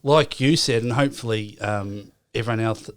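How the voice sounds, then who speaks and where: A man's voice: mid-range voice, moderate pace. A man hosting an interview and asking long, supportive questions. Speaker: podcast host.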